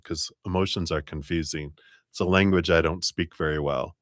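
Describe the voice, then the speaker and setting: Reading tarot for his live-stream audience, a man with a deep, very low voice keeps things easygoing and talkative at a moderate pace. Frequent laughter and drawn-out words mark his delivery, captured in close, dry sound without echo.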